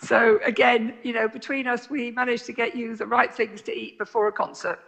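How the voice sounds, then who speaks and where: An older woman in her sixties, from Jersey, chats casually as a guest. Her voice is bright with a gravelly edge, and she talks in a friendly, plain-spoken way. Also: a little high, flat delivery, brisk. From Jersey, Channel Islands. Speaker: guest, nurse. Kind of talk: casual chat.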